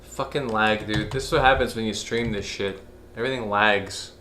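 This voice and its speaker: A man's voice: on the low side, fairly even intonation, normal speed. A tired young man chatting casually and profanely while live-streaming a video edit, mumbling through his work. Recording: echoey room with faint hum.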